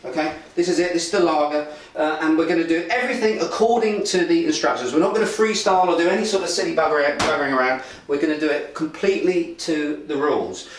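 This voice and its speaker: A man's voice: on the high side, fast, few pauses, slight background noise. A man hosting a beer video from his home kitchen, chatting casually in a jokey, rambling way with lots of restarts. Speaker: beer vlog host. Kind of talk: casual presenting chat. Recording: echoey kitchen, distant mic.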